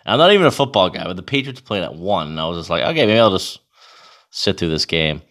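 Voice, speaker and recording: A man in his thirties telling a casual, profane, animated story about himself. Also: low voice, fast talker. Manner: profane, animated, self-mocking.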